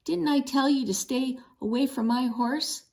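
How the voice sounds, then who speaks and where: Lady putting on a mean old guy snarling and growling, kinda gravelly, storybook villain. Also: high voice, a little mellow, voice pushed up. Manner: growling, slow menacing drawl. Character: snarling cruel old male horse owner.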